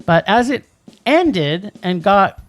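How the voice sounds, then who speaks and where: Animated man ranting about movies. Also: high voice, takes it slowly. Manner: animated, ranting, jumps between thoughts. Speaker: podcast co-host. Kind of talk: casual movie review chat.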